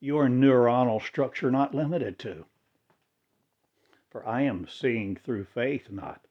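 A man delivering a rambling spiritual monologue in halting, oddly inverted phrasing. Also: mid-range voice, lo-fi sound.

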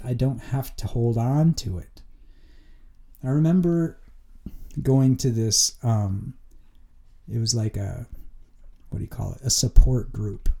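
A man's voice: mid-range voice, mellow. A man hosting his own show, telling a personal story in an earnest, conversational way with lots of casual fillers. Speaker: podcast host. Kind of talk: personal reflective monologue.

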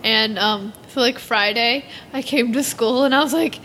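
A teenage girl chatting casually as a podcast co-host, rambling and giggly, telling animated stories. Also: a little high, a little fast, hardly any pauses, slight background noise. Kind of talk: casual fan chat.

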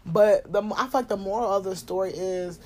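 A young woman telling a personal story in a candid, profane, laughing way, getting loud when she acts out scenes. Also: medium pitch, a little fast. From Cincinnati, USA. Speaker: podcast host. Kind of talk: casual storytelling monologue.

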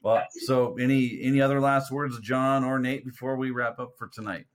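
A man's voice: mid-range voice, steady tone, normal speed. A man hosts a casual podcast chat. He sounds friendly and enthusiastic as he thanks his guest. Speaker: podcast host.

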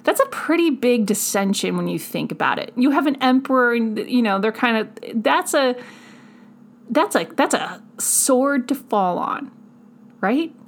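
A woman hosting a history podcast, animated and quick to laugh, reading old quotes aloud with sassy asides. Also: fairly high pitch. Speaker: podcast host. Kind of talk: casual history podcast commentary.

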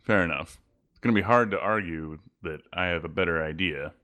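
A man playing a tabletop game, chatty and joking as he talks in character. His voice sits low. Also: a little fast, sharp tone. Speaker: player. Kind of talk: casual in-character tabletop play.

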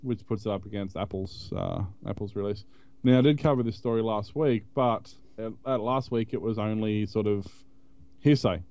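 A man's voice: on the low side, moderate pace, a little mellow, dry recording. A man co-hosting a tech podcast, chatting casually in a rambling way. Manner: rambling, many fillers and restarts. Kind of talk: casual chat.

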